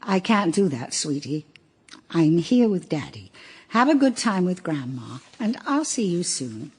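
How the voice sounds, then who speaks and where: A woman's voice: lowish voice, sing-song, a little slow, a little mellow, slightly rough, heavily acted. A woman voicing a tired, slightly drunk mother, talking in a weary, soothing way. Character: tired, tipsy young mother.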